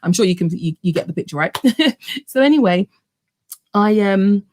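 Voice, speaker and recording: Woman vlogger, thirties, mid pitch, lively storyteller who repeats herself and talks straight to viewers. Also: normal speed, a little hiss or hum. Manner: animated, repeats words, addresses viewers as guys. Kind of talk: personal birth story told to camera.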